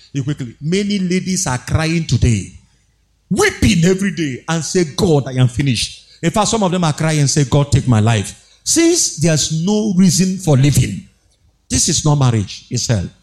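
A slightly high-voiced man preaches a sermon, urging listeners on with rhetorical questions, repeated phrases, and a sing-song emphasis.

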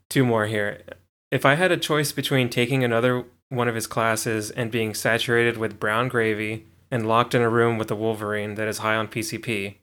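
A man's voice: fairly low pitch, fairly bright tone. A man hosting a podcast in loose, casual chat, laughing often between thoughts. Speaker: podcast host.

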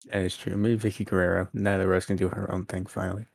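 A man co-hosting a wrestling podcast, quick and sarcastic in casual chat. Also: deep voice, little pitch movement, creaky, a little mellow, no echo, clean studio sound. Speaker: podcast co-host.

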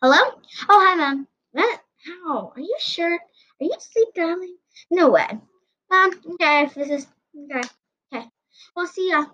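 A woman's voice: sits high, very animated, a little slow, a bit bright, pitched above the performer's own voice, heavily acted. A woman voicing an anxious schoolgirl heroine, talking in a breathless, flustered way on a dull lo-fi recording. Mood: startled.

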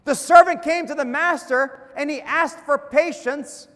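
A man's voice: very high voice, measured pace, hardly any pauses, a bit bright. A man preaching a sermon as pastor, with emphatic dips and rises and calls for an amen. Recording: long hall reverb.

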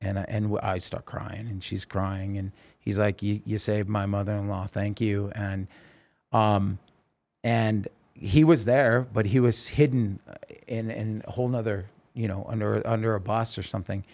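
A man, a guest on a podcast, retelling a personal story in a halting, rambling way with many fillers and restarts. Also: on the low side, fairly even intonation, creaky, darkish tone. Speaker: podcast guest, rock singer.

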